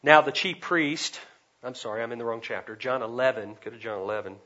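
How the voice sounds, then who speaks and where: A man preaching an expository sermon, swinging between loud emphasis and quiet asides. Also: medium pitch, brisk, highs cut off. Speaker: pastor.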